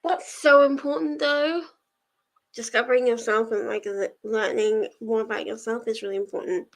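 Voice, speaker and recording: A woman's voice: on the high side, fairly even intonation, moderate pace. A young woman hosting a livestream, chatting casually and rambling as she answers her viewers' messages. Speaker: livestream host of reading sprints. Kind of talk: casual chat with live viewers.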